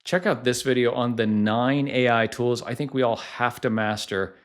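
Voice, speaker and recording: A man's voice: mid-range voice, normal speed. A middle-aged man hosting a casual tutorial vlog, talking in a chatty way full of "like" and "uh". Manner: chatty, lots of "like" and "uh" fillers. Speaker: tech YouTuber, podcasting company founder.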